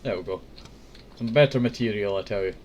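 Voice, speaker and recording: A man's voice: fairly low pitch, brisk, noisy background. A sick man with a cough, rambling casually while commenting on his own gameplay. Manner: rambling, keeps saying "I tell you". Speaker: gameplay video host.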